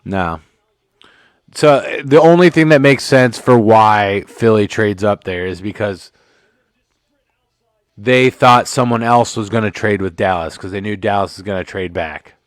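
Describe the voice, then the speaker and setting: Man, livestream host, low voice, dry close sound, joking, profane, a little tipsy. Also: unhurried, dry recording. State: tipsy from drinks. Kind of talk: casual live sports commentary.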